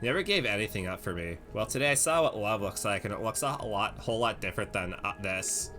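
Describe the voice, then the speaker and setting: A man voicing a bitter female ghost in a dating-sim game, speaking low and hushed. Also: expressive, quick pace, soft background music.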